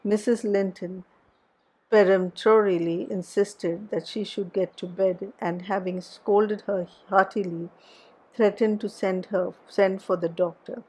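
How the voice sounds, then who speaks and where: A woman narrating a classic novel in a plain, steady reading voice. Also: medium pitch. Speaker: audiobook narrator.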